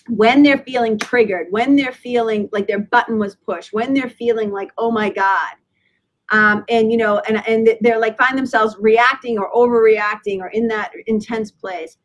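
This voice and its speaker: Woman, 50s, spiritual teacher, podcast guest, earnest, reflective, fairly high voice. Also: fairly bright tone, rough recording. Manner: earnest, reflective, laughs often, restarts phrases. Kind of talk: conversational podcast interview.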